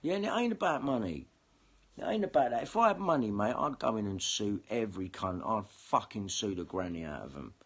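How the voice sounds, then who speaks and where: A man's voice: lowish voice, big pitch swings, fairly quick, a bit bright, slightly rough. A man ranting angrily and swearing in a monologue to camera. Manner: heated, sweary, confrontational. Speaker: vlogger.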